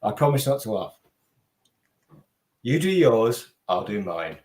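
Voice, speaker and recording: A man's voice: fairly low pitch, very animated, measured pace, darkish tone. A middle-aged man making crude, self-mocking jokes in casual group banter.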